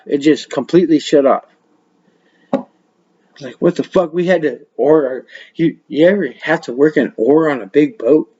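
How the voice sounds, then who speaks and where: A man with a mellow, darkish voice tells loose stories on a practice podcast, swearing freely and breaking into laughs. The audio is dull and lo-fi, like a webcam mic. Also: fairly high pitch. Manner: profane, laughing, rambling storyteller. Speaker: podcast host. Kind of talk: casual storytelling.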